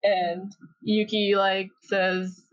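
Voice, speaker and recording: A woman's voice: medium pitch, flat delivery, very slow, no echo, highs cut off. Chatty young woman recapping an anime. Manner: chatty, laughs often, acts out characters' lines. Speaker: podcast co-host. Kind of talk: casual chat recapping an anime.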